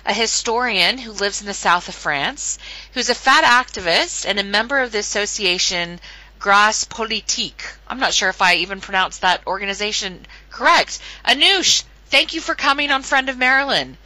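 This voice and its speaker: A woman's voice: mid-range voice, lively intonation, moderate pace, pushed and bright, no room sound, rough recording. An American woman hosting a radio interview, friendly and a little hesitant, with many fillers. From United States. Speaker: podcast host.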